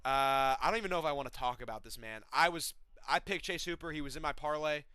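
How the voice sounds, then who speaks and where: A man's voice: fairly high pitch, fast, sharp tone, smooth, no echo. A man hosting a casual fight recap vlog, blunt and profane as he rants.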